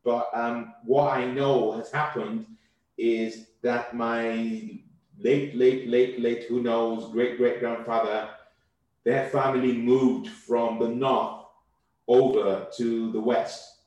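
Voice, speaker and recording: Fast-talking man in an echoey room. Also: medium pitch, highs cut off. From Nigeria. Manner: quick, animated, repeats words while thinking. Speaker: guest comedian. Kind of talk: casual interview chat.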